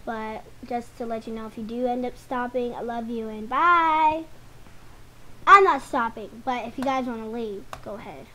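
Chatting to viewers as she sorts through game items, a young gaming host rambles a little fast with hardly any pauses. Her fairly high voice is flat and a little mellow, and the low-quality recording carries some hiss or hum.

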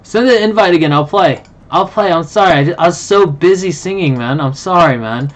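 Excitable, apologetic card game streamer. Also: medium pitch, normal speed. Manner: excitable, apologetic, talks to chat. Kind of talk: casual live-stream chat.

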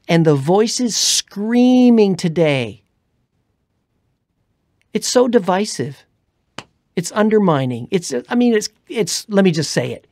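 A woman's voice: fairly low pitch, dry recording. Woman preaching on the radio, fervent, drops to whispers, dead dry studio mic. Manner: fervent, swings between loud urging and hushed whispers. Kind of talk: preaching, prophetic exhortation.

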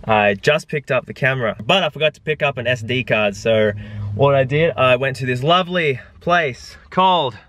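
A man's voice: mid-range voice, normal speed, a bit bright. A man with an Australian accent, talking casually to a handheld camera in his car as a first-time vlogger, rambling and joking at his own expense. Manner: rambling, joking, self-mocking. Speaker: personal trainer vlogging his day.

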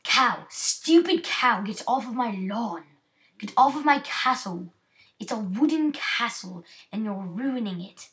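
A young man putting on a mock British accent to play a grumpy man yelling at a cow to get off his lawn. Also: very high voice, heavily acted.

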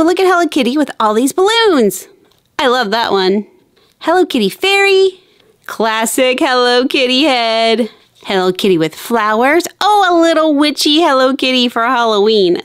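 A young adult woman hosting a kids' toy video, narrating in a bubbly, excited, sing-song way. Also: high-pitched, moderate pace, no echo, studio quality. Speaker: host.

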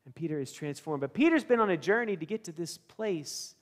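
A man's voice: on the high side, expressive, a little fast, big-room sound. A male pastor giving a conversational sermon in a church, asking the congregation questions and acting out scenes. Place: church sanctuary.

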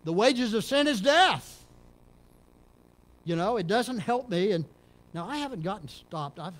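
A middle-aged man from Texas, a pastor preaching a sermon in a church, dropping to low murmurs and rising to loud emphatic peaks. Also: animated, unhurried. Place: church sanctuary.

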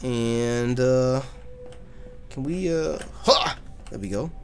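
A man hosting a let's play, commenting loudly and profanely, often yelling at the game. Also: medium pitch, slow, gravelly. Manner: loud, profane, excitable, yells at the game. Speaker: gaming channel host.

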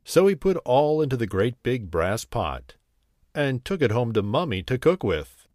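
Man, bedtime story narrator, slow pace, expressive, dry close mic. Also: medium pitch, no echo.

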